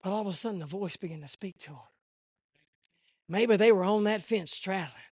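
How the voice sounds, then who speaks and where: Male preacher, very high and bright. Revival sermon, dry close sound. Drops to a hush, then builds to shouts. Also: a little fast, no room sound. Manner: swings from hushed to shouting; rhythmic repetition, rising cadence. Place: church service.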